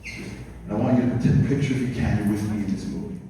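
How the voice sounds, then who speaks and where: A man giving a storytelling lecture, animated, moving between hushed narration and loud, high quoted voices. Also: a little fast, slight background noise. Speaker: guest speaker. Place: community center hall. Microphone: far from the mic. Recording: distant, very echoey hall recording.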